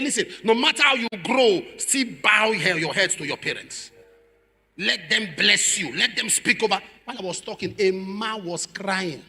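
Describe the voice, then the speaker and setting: A male preacher telling a dramatic story in a sermon, acting out the voices of the people in it and building to shouted prayer. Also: high-pitched, breathy edge, long reverb tail. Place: church.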